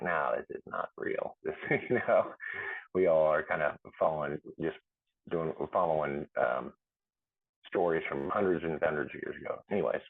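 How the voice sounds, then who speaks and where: A middle-aged man, a podcast guest, telling his near-death story in a rambling way, with many fillers and restarts and laughs between lines. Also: very deep voice. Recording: tinny phone-like line.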